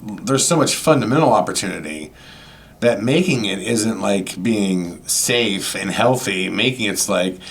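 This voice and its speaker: Low-voiced man chatting casually. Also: animated, a little slow. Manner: rambling, filler-heavy. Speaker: podcast co-host. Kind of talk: casual chat.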